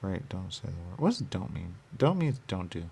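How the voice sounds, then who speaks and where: A man's voice: sits low, very animated, normal speed, vocal fry, a little mellow, a little hiss or hum. A man rambling in circles, asking himself questions and answering them, repeating words and dropping into sudden whispers. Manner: circular, repetitive musing with sudden whispers.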